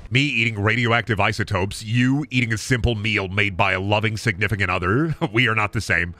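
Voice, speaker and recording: A man's voice: on the low side, steady tone, a little fast, few pauses, sharp tone, slight background noise. A man in his thirties streaming a game, rambling and joking with lots of swearing. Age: 30s. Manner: rambling, profane, jokey. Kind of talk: casual gaming commentary.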